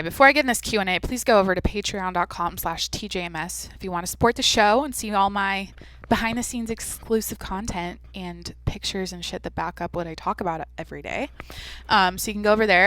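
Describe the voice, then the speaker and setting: A woman's voice: mid-range voice, pushed and bright, no echo. A woman hosting her own podcast in a casual, rambling way, with a nasal, slightly congested voice and a joking, profane manner. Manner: rambling, chatty, profane and self-mocking. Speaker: podcast host. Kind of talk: casual solo podcast chat.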